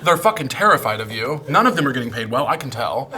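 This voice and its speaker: Animated, mock-outraged comedian, man. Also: mid-range voice, very noisy. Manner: animated mock-outraged ranting, fast and loud. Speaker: comedian guest. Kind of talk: casual comedic chat.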